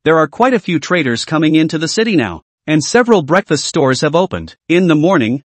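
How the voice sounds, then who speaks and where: A man narrating a fantasy novel as an audiobook in a steady, scripted storytelling read. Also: on the high side, brisk, no room sound.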